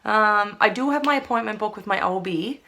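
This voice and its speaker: A woman's voice: medium pitch, brisk, pushed and bright. A young woman from Canada, chatting to camera in a rambling, casual way full of fillers. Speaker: vlogger.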